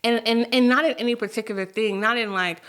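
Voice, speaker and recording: A woman's voice: fairly high pitch, fairly even intonation, quick pace, a bit bright, smooth. A woman co-hosting a podcast, talking casually and personally with many fillers and restarts. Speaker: podcast co-host. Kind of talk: casual chat.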